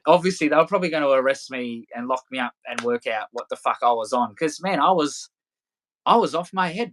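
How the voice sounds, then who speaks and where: A man's voice: on the high side, fairly bright tone. Rambling, laughing man. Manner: loose, rambling, swears freely, laughs often. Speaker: podcast guest. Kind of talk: casual storytelling interview.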